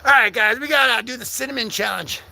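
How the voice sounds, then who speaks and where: High, gravelly goofy livestream guy. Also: fast. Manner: silly, rambling, breaks into loud singing. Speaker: livestream host. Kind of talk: goofy live chat with viewers, bursts of singing.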